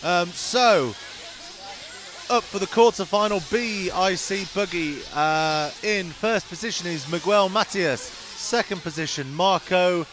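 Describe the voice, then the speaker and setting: A man's voice: high voice, measured pace, fairly bright tone, slight background noise. A man reading race results and greeting new group members, chatty and self-mocking. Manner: chatty, self-mocking, apologetic about names. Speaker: race stream presenter. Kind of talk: casual live-stream chat. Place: outdoors at race track.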